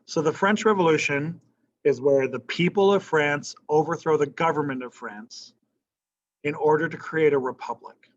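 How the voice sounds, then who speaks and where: The fairly high voice of a male history teacher comes through with its upper frequencies cut off. He keeps his lecture conversational, posing questions and frequently saying "right?"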